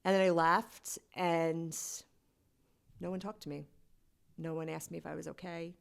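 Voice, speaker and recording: A woman guest talks through a personal story in a podcast conversation. Her voice sits somewhat low, with a gravelly, creaky fry. She speaks candidly and casually, with plenty of "like.". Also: level tone, measured pace. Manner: candid and conversational, heavy use of "like".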